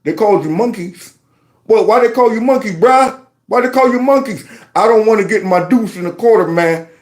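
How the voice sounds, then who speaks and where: A man putting on the voice of a fired-up man who rallies his friends, loud and slangy. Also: sits high, fairly quick, voice pushed up, lightly acted. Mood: indignant. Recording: roomy echo.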